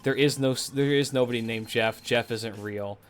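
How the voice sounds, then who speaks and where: A man's voice: medium pitch, steady tone, normal speed, soft background music, close to an everyday voice. A man voicing a blunt, exasperated mother in nearly his own voice.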